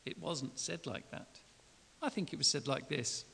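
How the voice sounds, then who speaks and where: A man preaching a sermon, retelling a Bible story in a lively, colloquial way and acting out the quotes. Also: on the high side, normal speed, creaky, slightly rough. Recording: long hall reverb.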